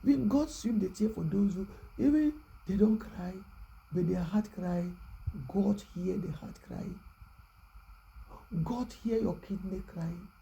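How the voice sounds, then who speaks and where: A preacher giving a prayerful, repetitive exhortation, often dropping to a hushed voice. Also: mid-range voice, a little slow, vocal fry, slightly rough, poor audio.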